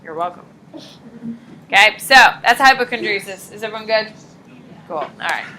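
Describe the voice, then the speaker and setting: Bright, lively woman teaching a class. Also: mid-range voice, normal speed, slight background noise, rough recording. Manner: animated, jokey, acts out dialogue. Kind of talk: casual classroom lecture.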